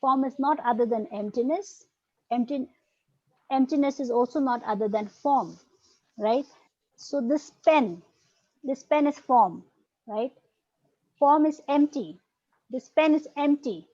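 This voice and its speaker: Over dull, lo-fi video call audio without echo, a woman with a high, mellow voice leads an online class on Buddhist philosophy. Patient in her explanations, she keeps checking in with "right?" and "okay."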